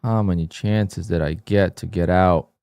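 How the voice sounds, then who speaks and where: A man with a deep, low voice talks through his day trading as it happens, muttering, cursing and scolding himself with sudden frustrated outbursts. The sound is dry and close to the mic, with no room around it. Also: fairly even intonation, measured pace, darkish tone, clean tone, dry recording. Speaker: day trader streaming his trades. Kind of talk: live trading commentary.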